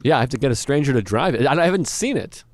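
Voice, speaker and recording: A man in his forties, a comedian, bantering in a relaxed, casually profane way on an outdoor deck. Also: medium pitch, racing, dry recording. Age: 40s. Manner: laid-back banter, swears casually. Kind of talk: casual chat while smoking cigars.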